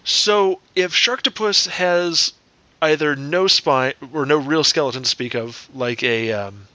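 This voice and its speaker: Bright-voiced man thinking out loud. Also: on the high side, unhurried, no echo. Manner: works through numbers aloud, double-checking himself. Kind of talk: casual podcast chat.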